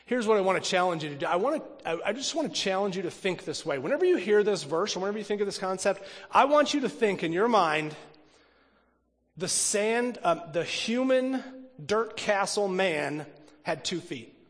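Male pastor, sermon, fairly high voice, booming then hushed, long hall reverb. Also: quick pace. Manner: animated, swings from loud emphasis to hushed near-whisper; repeats and restarts words while thinking aloud.

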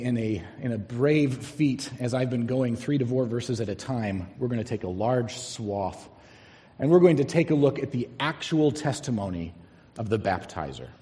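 Mellow-voiced preacher in a reverberant hall. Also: male voice, medium pitch. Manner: storytelling, slowing down to stress key words. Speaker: pastor. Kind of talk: sermon.

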